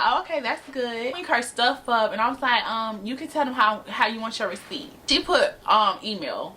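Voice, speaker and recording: A young woman telling a casual, animated storytime to camera, slangy and laughing often. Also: a little high, slight background noise. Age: young adult. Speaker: storytime vlogger. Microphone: camera mic.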